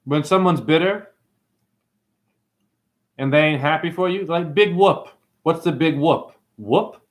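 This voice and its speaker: A man hosting an online show, rambling through playful wordplay in a sing-song way, with sudden high whoops and drawling asides. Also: measured pace. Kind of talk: rambling livestream monologue.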